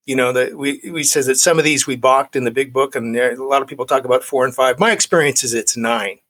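A man's voice: mid-range voice, fast talker, fairly bright tone. A middle-aged man in his forties, a guest telling a personal recovery story, acting out the dialogue he quotes.

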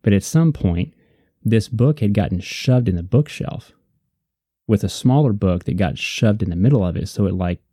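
A man with a low, deeply mellow voice talks through his faith in a casual discussion. He is earnest and reflective, circling back to repeat key points for emphasis. The sound is dry and close. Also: animated, moderate pace, husky, no room sound. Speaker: podcast co-host.

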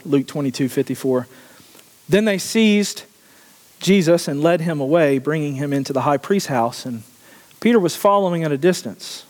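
Preacher guy with a high voice, lots of questions to the room, big echoey church. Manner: asks the congregation questions, laughs often. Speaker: pastor. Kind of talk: sermon.

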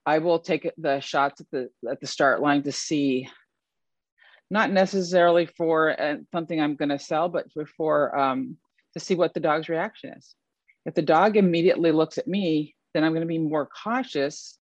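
A man as an interview guest, talking about his work as an event photographer in a casual, animated way and laughing often. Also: on the high side, normal speed, dry recording, highs cut off.

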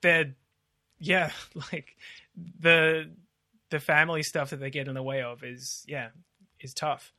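Laughing, bright-toned man. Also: on the high side, flat delivery, slow, pauses often. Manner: laughing often, blunt and sweary. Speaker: podcast co-host. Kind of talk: casual chat.

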